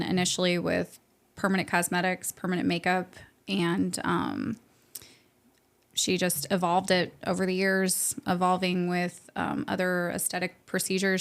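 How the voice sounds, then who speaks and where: A woman's voice: lowish voice, smooth. A young adult woman from the St. Louis area, chatting upbeat in a podcast interview as a guest, with frequent laughs and fillers. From St. Louis area, USA. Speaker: guest, med spa co-owner.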